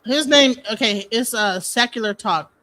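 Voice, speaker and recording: Man, high bright voice, casual podcast chat, rambling and profane. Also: moderate pace. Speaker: podcast co-host.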